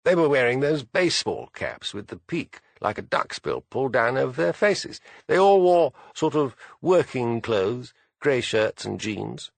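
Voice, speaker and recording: A man's voice: mid-range voice, big pitch swings, a little slow, vocal fry, hardly any pauses, no room sound, exaggerated voice. A man voicing a proud, haughty aristocratic man in his late fifties in an audiobook.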